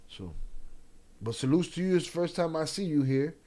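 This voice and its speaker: Man, live-stream host, slightly high voice, casual, profane, blunt. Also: animated, moderate pace, warm tone. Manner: blunt, profane, talks back to chat. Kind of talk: casual live-stream commentary, reading chat aloud.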